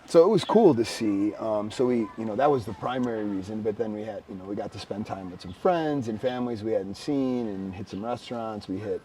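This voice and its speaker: A man co-hosting a casual podcast, telling stories with bursts of excited shouting. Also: on the low side, brisk, few pauses, slight background noise. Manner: animated storyteller, bursts of excited shouting when retelling. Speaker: podcast co-host. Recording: slightly distant mic with faint background ambience.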